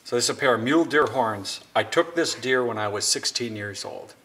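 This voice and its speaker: A man's voice: medium pitch, fairly quick, a bit bright. A young man casually explaining a DIY woodworking project, rambling a bit and joking at his own expense. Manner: rambling, self-deprecating joking. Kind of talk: casual how-to narration. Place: home workshop. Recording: noisy workshop recording. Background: workshop noise, sanding and clicks.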